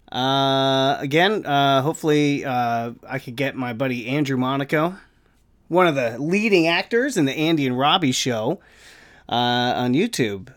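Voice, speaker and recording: Guy ranting on his podcast, lively pitch swinging all over, rambling and swearing. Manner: rambling, animated, swearing, self-deprecating. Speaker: podcast host. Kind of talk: casual solo rant. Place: home room with the fan off.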